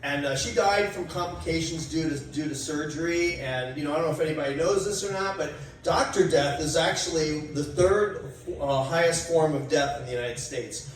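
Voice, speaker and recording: Halting man telling jokes in an echoey room. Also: fairly high pitch, slight background noise. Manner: halting, many uhs and restarts. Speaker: stand-up comedian. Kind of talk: open-mic joke telling. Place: coffee shop. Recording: echoey room, mic far off.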